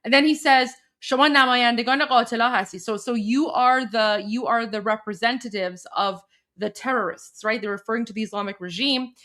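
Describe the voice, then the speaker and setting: A woman's voice: a little high, normal speed, fairly bright tone. A woman hosting live commentary, translating a clip for viewers, emphatic and full of repeated words and fillers. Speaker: host.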